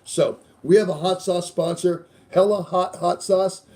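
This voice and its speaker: A man's voice: high-pitched, steady tone, unhurried, a little mellow. A middle-aged man hosting a casual podcast, rambling loosely through sponsor reads with plenty of swearing. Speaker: show host.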